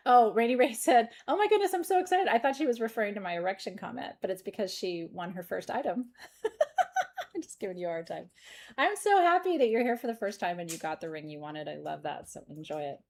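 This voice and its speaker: A middle-aged woman hosts a livestream sale, showing off stones while joking, giggling and keeping the sales chat playful. Her medium-pitched voice is animated, fairly quick and a little mellow.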